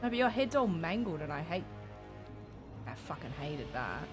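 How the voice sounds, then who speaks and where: A young woman streaming a game and reacting out loud, jumpy and profane, shrieking and laughing at scares. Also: deep voice, sing-song, moderate pace, over music. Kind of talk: live let's-play commentary.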